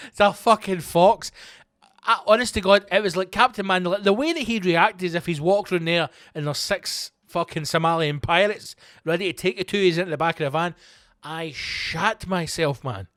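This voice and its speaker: A man, a comedian hosting his own show, telling a story in a profane, animated, self-mocking way and acting out the quotes. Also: sits high, fairly quick, dry recording, studio quality. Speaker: comedian host. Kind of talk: comic storytelling monologue.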